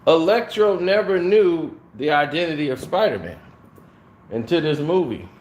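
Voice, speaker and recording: A man giving a casual, animated spoiler review of a film, talking to his viewers. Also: fairly high pitch, dull audio, slight background noise. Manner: animated, conversational, drawn-out delivery.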